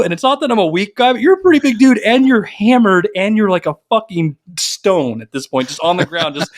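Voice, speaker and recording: A man's voice: sits high, dry recording, clean studio sound. A man co-hosting a podcast, telling a long story in casual chat, swearing freely and acting out what everyone said. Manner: animated, profane, acts out quotes. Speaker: podcast co-host.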